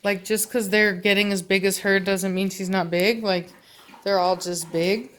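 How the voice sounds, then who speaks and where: A woman's voice: medium pitch, fairly even intonation, moderate pace. A woman in a casual home vlog, rambling with many fillers as she talks about her dogs, then giving firm short commands to a dog. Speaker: dog breeder and trainer. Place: home living room.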